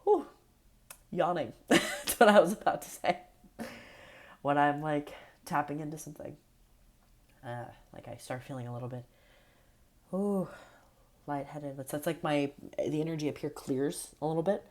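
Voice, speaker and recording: A young woman talking casually and earnestly to camera, meandering through thoughts with fillers and soft laughs, in an affirming, spiritual way. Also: sits low, moderate pace, long pauses. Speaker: vlogger. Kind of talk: casual reflective monologue.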